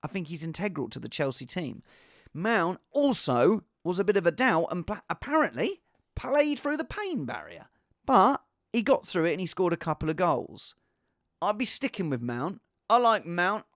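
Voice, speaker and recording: Excitable male football fantasy vlogger. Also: high voice, normal speed, dry recording, studio quality. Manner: excitable, self-deprecating, chatty. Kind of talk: casual rambling advice chat.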